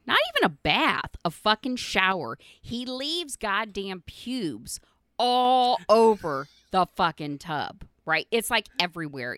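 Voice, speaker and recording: Profane, lively woman podcast host. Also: mid-range voice, clean tone, dry recording, clean studio sound. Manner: profane, blunt, laughing often. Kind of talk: casual storytelling monologue.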